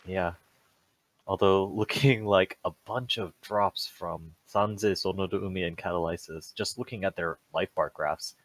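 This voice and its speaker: Lower-voiced male esports caster. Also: low-quality recording. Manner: upbeat play-by-play, quick reactions. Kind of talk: live tournament commentary.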